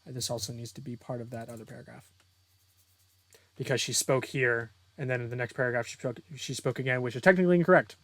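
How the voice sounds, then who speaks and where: A man's voice: medium pitch, steady tone, quick pace, a bit bright, dry recording. Casual young man reading his own story. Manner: casual, self-deprecating asides with fillers. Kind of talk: casual story read-through with commentary.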